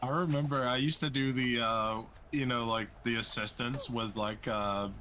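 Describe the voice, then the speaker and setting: A man's voice: medium pitch, fairly even intonation, moderate pace, bright, forceful tone. A man calling into a livestream, telling an anecdote in a chatty, hesitant way full of fillers. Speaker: caller. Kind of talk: casual chat.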